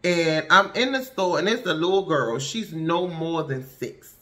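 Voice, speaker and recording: A woman's voice: fairly low pitch, unhurried, a bit bright. A woman vlogger giving a fired-up, blunt monologue full of rhetorical questions and slangy asides. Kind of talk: impassioned casual commentary monologue.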